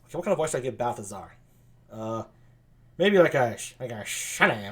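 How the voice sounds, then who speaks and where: A man's voice: mid-range voice, very animated, fairly quick, a bit bright. A man reading a play aloud on a live stream, chatty, self-deprecating and full of hesitations.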